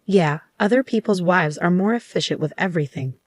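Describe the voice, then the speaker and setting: A lazy husband, put on by a woman, who lounges with a beer and brushes off every request. He sounds sarcastic and dismissive, in a lowish voice. The sound is close and dry. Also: fairly quick, no echo, close to an everyday voice.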